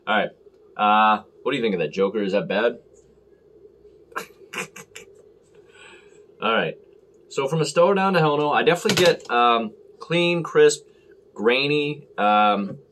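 A man's voice: medium pitch, normal speed, long pauses, fairly bright tone, slight background noise. A man talking casually and rambling as he reviews a beer on camera, full of fillers and self-deprecating asides.

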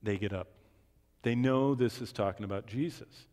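A man teaching the Bible in a question-and-answer session, swinging from emphatic declarations to hushed asides. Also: on the low side, normal speed. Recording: long reverb of a large hall.

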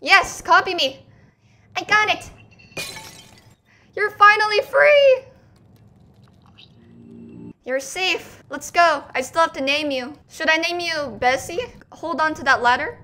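A woman's voice: sits high, moderate pace, pushed and bright. A young woman commenting on a game she is playing, playful, talking to the characters on screen, with sudden yelps. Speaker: gaming commentator. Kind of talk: let's play commentary.

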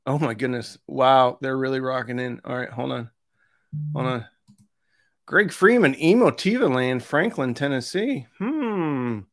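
A man's voice: medium pitch, vocal fry, fairly bright tone. A man hosting a live stream, chatting casually and reading out where his viewers are from, with jokey asides. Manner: chatty, jokey asides between roll calls. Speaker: host of an audio review channel.

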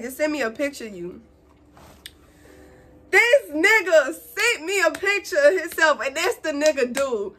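A young woman vlogger telling a casual story while doing her makeup, animated and slangy, acting out quotes in a higher voice. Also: unhurried. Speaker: beauty vlogger.

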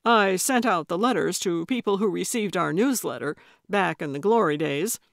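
A woman's voice: lowish voice, normal speed, creaky, no room sound, clean studio sound. A woman voicing an eager young man in Western garb who greets visitors with forced, salesy cheer. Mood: exuberant. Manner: overly exuberant, salesy cheer. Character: eager young male theme park host.

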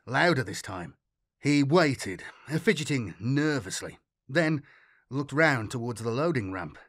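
A male audiobook narrator telling a grim science-fiction tale in a slow, measured, deliberate way, at a middling pitch. The voice is close and dry, with no room sound around it. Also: a bit bright, no echo. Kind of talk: scripted narration.

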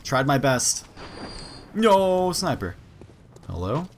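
A young man talks through a game in casual let's-play style, his pitch jumping all over as he reacts. He swears and yelps during tense moments. A faint hiss of noise sits under the recording. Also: very animated, moderate pace. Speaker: gaming let's-play host. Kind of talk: casual gameplay commentary.

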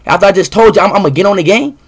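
A young man streaming live, ranting angrily at his chat with lots of swearing and sudden outbursts of shouting. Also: high voice, rapid-fire, slightly rough. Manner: angry profane ranting, bursts into shouting.

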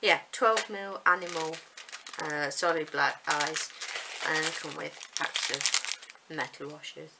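A woman's voice: sits low, steady tone, slow, creaky, heavy background noise. A woman, chatting casually and rambling a little as she unboxes yarn. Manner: chatty, rambling, self-deprecating. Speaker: vlogger showing yarn.

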